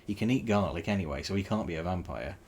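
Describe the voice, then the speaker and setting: A man's voice: sits low, lively intonation, fast talker, a little mellow, a little hiss or hum. A man voicing an earnest young female squirrel who speaks insistently and hastily. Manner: insistent, hasty.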